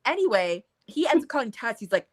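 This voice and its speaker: A woman co-hosting a casual book discussion, talking in an animated way, swearing freely and acting out scenes in quotes. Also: a little high, a little fast, no room sound. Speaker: book club co-host.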